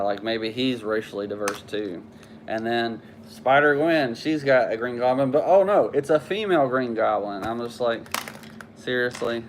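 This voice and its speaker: A man's voice: fairly low pitch, slight background noise. A man casually reviewing comic books, rambling with many fillers and restarts.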